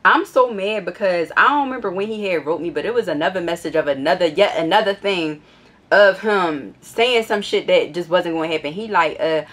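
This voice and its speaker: A young woman telling a casual storytime vlog, blunt and profane as she reads out old messages. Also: brisk. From Philadelphia. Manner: blunt and profane, gets animated and higher when annoyed. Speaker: vlogger.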